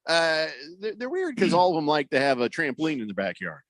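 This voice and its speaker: A man's voice: fairly high pitch, huge pitch swings, fairly quick, fairly bright tone, no echo. A man hosting a sports talk radio show, rambling and joking with many fillers on a studio microphone.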